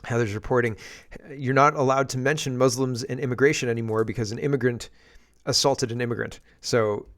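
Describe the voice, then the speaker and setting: A man's voice: medium pitch, steady tone, a little fast. A man hosting casual political commentary, sarcastic and exasperated, rambling through asides as he reacts to clips. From England.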